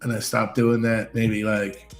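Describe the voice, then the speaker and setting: A man's voice: lowish voice, flat delivery, a little slow. A man chatting casually, hesitant and full of fillers as he talks about his own holidays. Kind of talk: casual chat. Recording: roomy sound with faint music.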